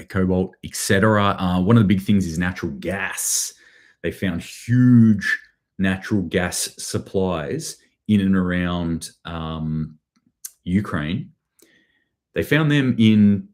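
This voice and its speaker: Low-voiced sardonic Australian man. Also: a little mellow. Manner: sardonic, rambling, with dry sarcasm. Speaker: prepping channel host. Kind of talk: casual live news commentary.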